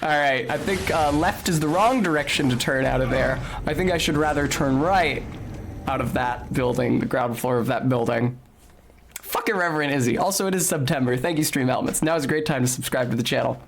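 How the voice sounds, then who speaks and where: This young streamer has a mid-range voice and speaks fairly quickly, with background noise behind him. As he plays a video game, his commentary is casual, articulate and a bit scholarly in tone, broken by sudden curses and yelps.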